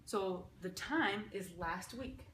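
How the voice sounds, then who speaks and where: A woman's voice: mid-range voice, slow, a bit bright. A woman teaching sign language grammar in a casual way. She explains step by step at a whiteboard and keeps checking in with "okay?". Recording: echoey room, faint background noise.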